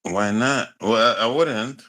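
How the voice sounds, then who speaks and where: A man's voice: mid-range voice, measured pace, sharp tone. A man in a heated online debate, answering in a rambling, defensive, profane way. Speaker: debate guest.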